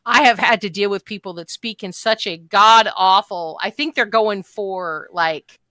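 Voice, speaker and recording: A woman's voice: mid-range voice, a little slow, pushed and bright, dry recording. A woman co-hosting a podcast, chatting frankly and matter-of-factly. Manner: frank, blunt, matter-of-fact. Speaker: podcast co-host. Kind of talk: casual chat about roleplay.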